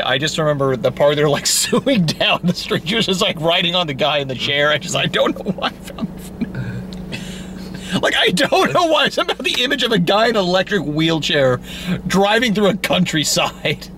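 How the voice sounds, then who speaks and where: A man's voice: on the high side, sing-song, normal speed, background noise. A young man co-hosting a casual movie review chat, rambling and bursting into exaggerated outbursts. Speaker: co-host.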